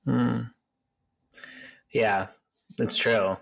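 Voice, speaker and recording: A man's voice: medium pitch, steady tone, drawn-out words, gravelly, low-quality recording. A man hosting a podcast interview, reflective and sympathetic, often restarting his sentences. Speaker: podcast host. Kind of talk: interview conversation.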